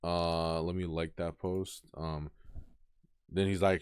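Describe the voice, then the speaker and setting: A man with a very deep, smooth voice, chatting offhand on a podcast. He reads posts aloud and drops jokes. The sound is dry and close to the mic. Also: flat delivery, takes it slowly, dry recording. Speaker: podcast co-host. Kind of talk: casual chat.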